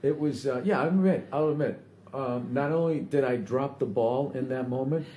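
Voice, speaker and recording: A man's voice: medium pitch, moderate pace, dark tone, slight background noise. A man hosting a podcast, chatting casually and comically with blunt, profane, joking rants. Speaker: podcast host. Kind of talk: casual comedic chat. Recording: echoey room.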